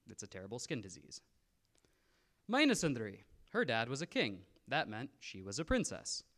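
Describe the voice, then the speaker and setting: A man's voice: medium pitch, fairly bright tone. A young man telling stories casually to a live convention audience, with jokey, slangy, self-mocking asides. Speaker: convention presenter. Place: convention room, in front of an audience.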